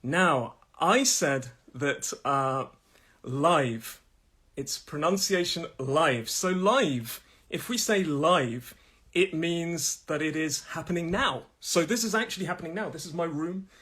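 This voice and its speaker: Midlands guy from nottingham teaching pronunciation live, bit husky, a touch higher voice, chatty and laughy. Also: measured pace, hardly any pauses, fairly bright tone. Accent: Nottingham, English Midlands. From Nottingham, England. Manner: chatty, laughs often, repeats himself. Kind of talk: live-streamed pronunciation lesson. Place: his own room.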